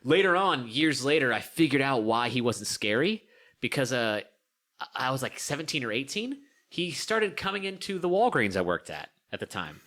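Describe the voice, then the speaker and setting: A man's voice: medium pitch, moderate pace. A young man telling a story on a casual podcast, laughing often and acting out voices. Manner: animated, laughing, acts out voices in stories. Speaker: podcast co-host.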